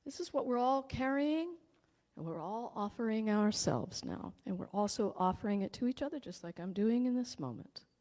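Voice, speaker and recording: A woman's voice: a little high, lively intonation, moderate pace, few pauses, a little mellow, in a large hall. A woman who is a spiritual teacher and channeler, giving an enthusiastic, joyful inspirational talk.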